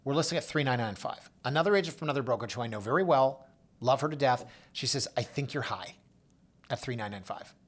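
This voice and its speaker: A man hosting a real estate show, telling client stories in a casual monologue and acting out the people he quotes. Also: quick pace. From Canada. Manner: storytelling, acts out quoted voices with big pitch jumps. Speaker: realtor and show host.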